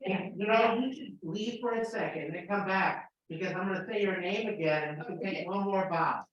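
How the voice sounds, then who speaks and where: A woman giving practical directions to a performer on stage, in an even, matter-of-fact way. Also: medium pitch, brisk, slight background noise. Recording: distant, muffled, very echoey.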